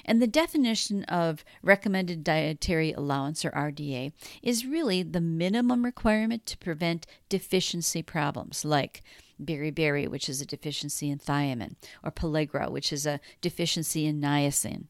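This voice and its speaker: A middle-aged woman hosting a wellness podcast, guiding breathing in a calm, soothing, encouraging way. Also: low-pitched, moderate pace, no room sound, studio quality. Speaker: wellness coach and podcast host. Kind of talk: podcast monologue with guided breathing.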